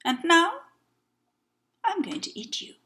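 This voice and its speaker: A woman voicing a greedy, boastful male cat who brags and threatens in drawn-out words. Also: very high-pitched, big pitch swings, bright, forceful tone, voice pushed up, full character voice.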